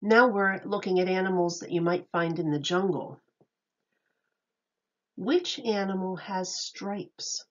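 A woman's voice: medium pitch, slow pace, pauses often, highs cut off. A woman teacher reading a picture book aloud to children, patiently asking them questions and praising their answers.

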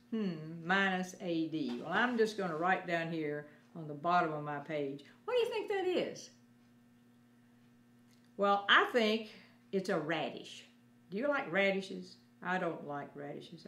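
Sunday school teacher woman, low and roomy. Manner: gentle, explains step by step, talks to children. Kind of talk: children's Bible lesson.

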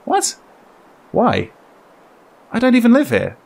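A man talks his way through a horror game in a loose, joking commentary. His voice is lively and swings freely in pitch as he reacts out loud to what he sees. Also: a little slow, vocal fry, pauses often. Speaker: gaming YouTuber. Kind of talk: let's play commentary.

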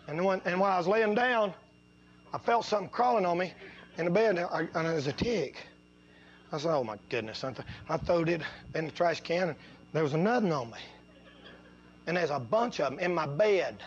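A high-pitched man with a drawl preaches a folksy sermon. He tells homespun stories, sinks into low, quiet passages, and climbs into loud, drawn-out exhortation. The sound is muffled and lo-fi. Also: expressive. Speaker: pastor.

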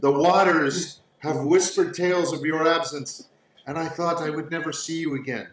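A man voicing a serene ghost of a young man speaking from a pond, soft, solemn and poetic. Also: a little high, steady tone, moderate pace, close to an everyday voice. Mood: tender. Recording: roomy, distant mic, faint noise.

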